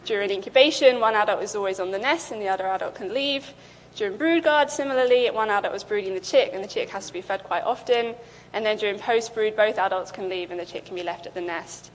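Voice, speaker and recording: A woman's voice: medium pitch, fast, slight background noise. A young woman, a PhD student, giving a conference talk, presenting steadily with the odd filler. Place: lecture hall. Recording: lecture hall with long reverb.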